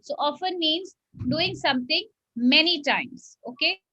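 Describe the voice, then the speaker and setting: A woman teacher from India leads young children through a phonics spelling lesson in the classroom, patient and coaxing. Her voice is high, pushed, and bright, a little slow, and the recording sounds muffled.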